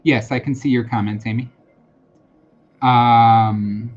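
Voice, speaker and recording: Slow, unhurried man giving a psychic reading. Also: medium pitch, little pitch movement, soft background music. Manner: casual and reassuring, many fillers and repetitions. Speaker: tarot reader and medium hosting a live stream. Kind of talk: live-streamed psychic reading. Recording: dull lo-fi sound with faint background noise.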